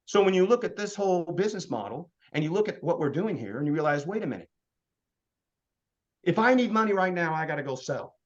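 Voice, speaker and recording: A man in his fifties giving an energetic motivational business presentation as a sales trainer, firing off rhetorical questions. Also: fairly high pitch, fairly quick, highs cut off. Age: 50s.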